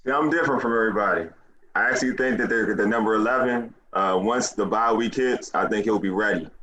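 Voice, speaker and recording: A man's voice: lowish voice, fast, bright, forceful tone, slight background noise, poor audio. A man guesting on a casual sports podcast, talking in a passionate, emphatic rant.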